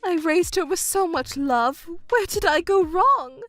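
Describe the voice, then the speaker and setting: Lady doing a whiny selfish stepmom, high and all over the place, texting story voice. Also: animated, unhurried, fairly bright tone, no echo, faint music behind, exaggerated voice. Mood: indignant. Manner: shrill, pleading and self-pitying.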